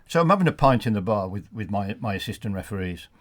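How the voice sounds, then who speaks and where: Chatty former referee telling stories. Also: male voice, lowish voice, sing-song, quick pace. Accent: Black Country. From England. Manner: anecdotal, laughs at his own stories, many restarts. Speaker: studio guest, former referee. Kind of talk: storytelling in a casual chat.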